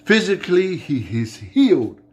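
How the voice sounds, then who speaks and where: A male pastor giving a sermon and retelling a story from scripture in a lively way. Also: on the high side, a little slow.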